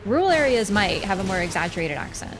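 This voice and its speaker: Lively Canadian woman streaming a game. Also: mid-range voice, fast. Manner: chatty, answers chat between fights. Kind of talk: live game commentary. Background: game music.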